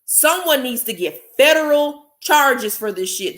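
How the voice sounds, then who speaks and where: Pissed-off woman venting on a live stream, slow and blunt, bit higher voice, echoey room. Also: lively intonation, a bit bright. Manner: angry, blunt, profane. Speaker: podcast host. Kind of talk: live-stream commentary, greeting chat viewers.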